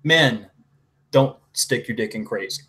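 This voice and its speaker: A man's voice: mid-range voice, measured pace, sharp tone. A man speaking as a podcast guest in casual chat, blunt and crude in his jokes.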